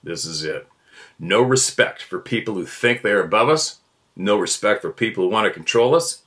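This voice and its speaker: On his own show, a man rants with blunt, profane fire, repeating his arguments again and again. His fairly low voice has lively intonation and a slight brightness, moving at a moderate pace.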